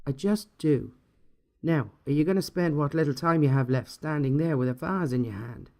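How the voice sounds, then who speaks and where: A man voicing a small, friendly Irishman who talks in a soft, relaxed and knowing way. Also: fairly high pitch, natural voice. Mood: calm, knowing. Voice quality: soft-spoken. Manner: relaxed, unhurried.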